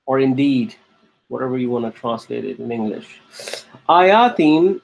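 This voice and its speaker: A man's voice: mid-range voice, expressive, a little slow, gravelly, a little hiss or hum. A man lecturing a grammar class, repeating key phrases and checking in with the students as he goes. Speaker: Arabic grammar teacher.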